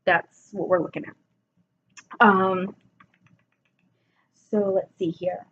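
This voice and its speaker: In a slow, husky, mid-range voice with little pitch movement, a woman in her 20s chats casually in a self-assessment vlog. She's sleepy and yawning, jokes in a self-deprecating way and laughs often, and the sound is muffled and lo-fi.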